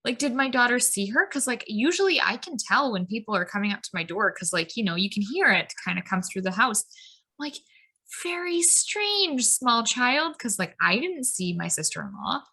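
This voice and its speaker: A woman's voice: a little high, wildly swooping pitch, normal speed, bright, forceful tone, breathy edge. A woman in her thirties co-hosting a podcast, chatting casually and rambling through tangents with lots of "like" and "um". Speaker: podcast co-host. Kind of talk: casual spiritual chat.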